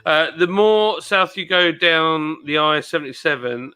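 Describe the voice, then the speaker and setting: Bright-voiced chatty English man. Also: a little high, measured pace, clean tone, poor audio. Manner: rambling, chatty, jokey asides. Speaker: live stream host. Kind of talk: casual live chat reading viewer comments.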